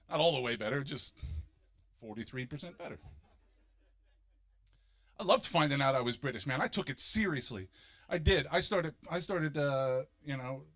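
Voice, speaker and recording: A man, doing a stand-up comedy set and jumping into loud exaggerated voices for punchlines. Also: fairly high pitch. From Philadelphia, United States. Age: 50s.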